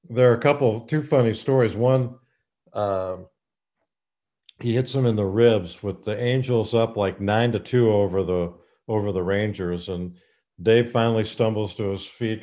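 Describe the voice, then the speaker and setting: A man's voice: fairly low pitch, steady tone, unhurried, a little mellow. A man hosting a podcast, asking questions and telling baseball anecdotes in a chatty, laughing way. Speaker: podcast host. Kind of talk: casual podcast interview.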